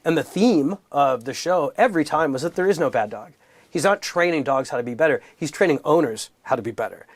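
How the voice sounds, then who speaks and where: A man raised in Los Angeles, a comedian guest telling stories with animated, punchy comic emphasis in a candid interview. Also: on the high side, brisk, no room sound. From United States, raised in Los Angeles.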